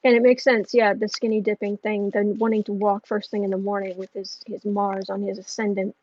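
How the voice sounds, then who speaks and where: Husky-voiced woman musing on a livestream. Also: mid-range voice, little pitch movement, fairly quick, a little mellow, no echo, lo-fi sound. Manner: musing, thinking aloud. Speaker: astrology and tarot reader. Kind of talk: casual livestream reading.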